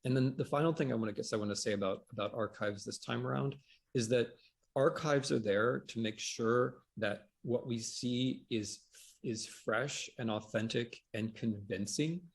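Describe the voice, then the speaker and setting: A man's voice: mid-range voice, normal speed, vocal fry, breathy edge. A man speaking as a historian on a panel, reflective, with frequent restarts and repeated words. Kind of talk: conversational panel discussion.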